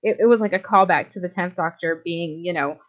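A woman's voice: fairly low pitch, fairly quick. A woman co-hosting a podcast, chatting casually with a lot of fillers and restarts. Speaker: podcast co-host. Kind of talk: casual fan chat. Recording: slightly dull lo-fi audio.

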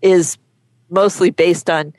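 A woman guest on an interview show, talking frankly and chattily, often pausing and restarting her sentences. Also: lowish voice, steady tone, darkish tone, no room sound. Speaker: guest, horse photographer. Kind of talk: casual interview chat.

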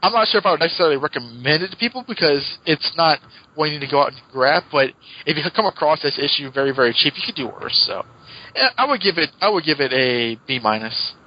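A man's voice: fairly high pitch, lively intonation, fast, lo-fi sound. A man co-hosting a casual comic book podcast, retelling plots in a chatty way and laughing often. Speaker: podcast co-host.

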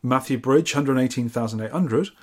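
A man co-hosts a casual podcast. His pitch sits in an ordinary middle range. He reads out listener scores with a playful, teasing manner. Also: normal speed. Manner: jokey, banter-filled. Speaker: podcast co-host.

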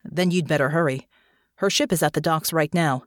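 A brisk, reassuring female army captain, voiced by a woman reading aloud speaks in a matter-of-fact way. The voice is low and the sound is dry. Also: no room sound, natural voice.

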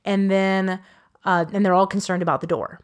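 A woman co-hosting a podcast, telling a true crime case in a chatty, animated way with quoted voices and quick self-corrections. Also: medium pitch. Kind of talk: casual storytelling chat.

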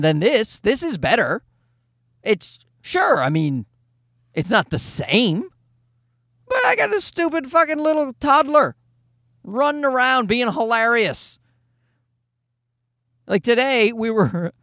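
A man's voice: high voice, fairly bright tone, no room sound, studio quality. A man in his thirties telling rambling, profane, self-deprecating stories as a podcast host. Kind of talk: casual podcast monologue.

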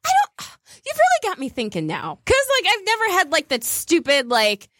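A young woman chatting on a podcast with a bubbly, sarcastic manner and frequent laughter. Her voice is fairly high and swings widely in pitch. The sound is close and dry. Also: huge pitch swings, normal speed, bright, forceful tone, no room sound. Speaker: podcast co-host. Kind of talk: casual chat.

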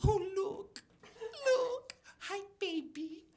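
A man's voice: extremely high pitch, animated, very slow, vocal fry, heavy background noise, pitched above the performer's own voice, full character voice. A man voicing his judgmental, doting elderly grandmother, cooing sweetly and then making snide asides.

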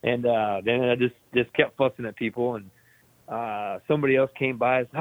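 A man's voice: mid-range voice, fairly even intonation, fast, dry recording. An army veteran telling a story in a laid-back, profane way, laughing as he goes. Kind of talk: casual storytelling. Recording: tinny phone-like line.

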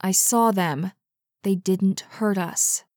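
A woman voicing a calm, practical young woman who takes charge, in a slow storybook reading. The delivery is level and dry, close to the mic. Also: mid-range voice, dry recording, lightly acted. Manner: calm and decisive.

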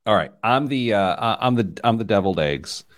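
A man's voice: lowish voice, lively intonation, fairly quick. Chatty, joking male money-show host. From Indiana. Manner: jokey, rambling, laughs at own stories. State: wired on caffeine. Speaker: podcast host, financial planner. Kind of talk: casual banter on a money show.

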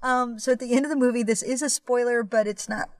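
A woman co-hosting a podcast, chatting casually and breaking into giggles as she tells stories. She swears freely and keeps the tone loose and animated. Her voice sits at a medium pitch and is recorded close and dry, with no room sound. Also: fast talker, no room sound. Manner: giggly, profane, animated storyteller. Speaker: podcast co-host. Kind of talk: casual chat.

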